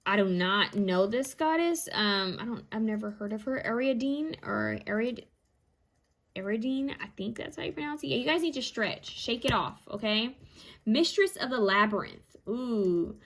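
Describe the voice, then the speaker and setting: A woman giving a casual, encouraging tarot reading to her viewers, energetic and fond of repeating herself. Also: a little high, moderate pace. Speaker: tarot reader. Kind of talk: casual intuitive card reading.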